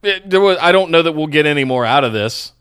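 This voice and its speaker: A man's voice: fairly high pitch, expressive, quick pace, fairly bright tone, clean tone, dry recording, clean studio sound. A man co-hosting a casual wrestling talk show, opinionated yet often hedging his verdicts. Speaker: podcast co-host.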